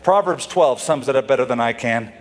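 A man preaching a sermon with an animated delivery, slipping into mock voices for quotes. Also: medium pitch, fairly quick. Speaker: pastor.

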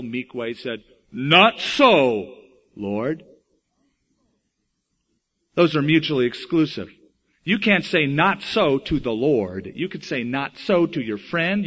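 Male pastor, lively storytelling sermon, higher voice, lo-fi sound. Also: normal speed. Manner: animated storytelling, acting out quoted voices.

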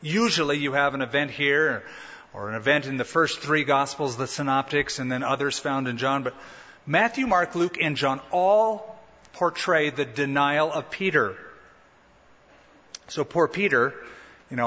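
A pastor preaches a sermon in a bright, slightly high male voice at normal speed, raising his pitch to animate quoted lines. The recording sounds a bit muffled and has a long hall echo.

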